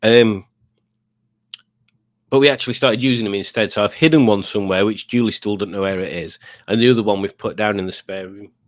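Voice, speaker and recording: Speaking fairly quickly in a voice on the low side, a middle-aged man rambles through some casual chat on his home live stream. He's talkative and self-mocking throughout.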